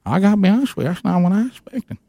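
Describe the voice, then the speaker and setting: Gravelly radio host telling a story. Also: male voice, high-pitched, rapid-fire, dry recording. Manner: animated, stumbling retelling with many restarts. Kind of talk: storytelling on a talk show.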